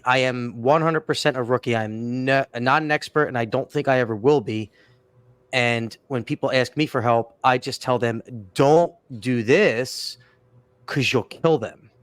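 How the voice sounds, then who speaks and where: A man's voice: medium pitch, normal speed, a bit bright, no room sound. A man co-hosting a podcast, giving emphatic advice in a casual chat and stammering at times. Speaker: podcast co-host.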